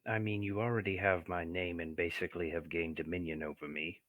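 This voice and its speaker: A man's voice: sits low, little pitch movement, a little fast, dry recording, narrow, tinny audio, lightly acted. A man voicing a barbarian who asks hesitantly and cautiously. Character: young barbarian with fey ancestry.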